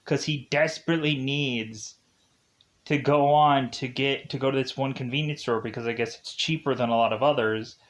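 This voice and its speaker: Guy rambling thru a movie recap, laughs a lot, says like all the time, normal pitch. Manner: rambling, laughs often, frequent filler words. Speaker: film reviewer. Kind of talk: casual spoken film recap.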